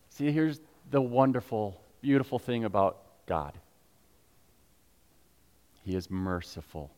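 A man preaching a sermon to his congregation, animated and conversational, acting out quotes and asking the listeners questions. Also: mid-range voice, normal speed. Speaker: pastor. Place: church sanctuary. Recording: long church reverb.

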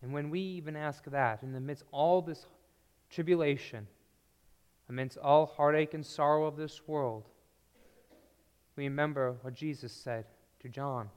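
A man preaching a sermon in a slow, earnest way, dropping to a hushed tone on key phrases, recorded in a church. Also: fairly high pitch, clean tone. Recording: long reverb of a large hall.

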